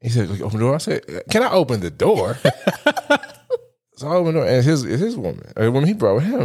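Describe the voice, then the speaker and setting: A man's voice: mid-range voice, huge pitch swings, fast, dark tone, slightly rough. A man in his thirties, a podcast guest, telling a story in casual chat, acting out his own reactions and laughing often. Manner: laughs often while talking.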